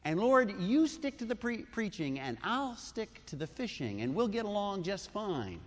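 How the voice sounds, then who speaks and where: A man's voice: sits high, sing-song, moderate pace, pitched above the performer's own voice. A man preaching a sermon who voices a tired, exasperated fisherman, wryly listing his grievances in an echoey hall. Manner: wry, listing grievances point by point.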